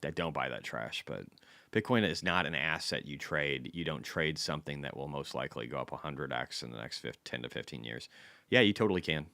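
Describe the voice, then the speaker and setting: A man's voice: very deep voice, animated, brisk, gravelly, bright, forceful tone, no echo. A man hosting a casual stock market livestream, blunt and chatty, reading economic data aloud and answering viewers' questions.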